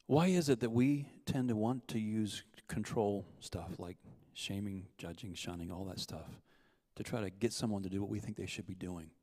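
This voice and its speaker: A man's voice: fairly low pitch, moderate pace, hardly any pauses, warm tone, no room sound. A man giving a conversational sermon as a guest speaker at a church service. He tells stories and asks his listeners questions.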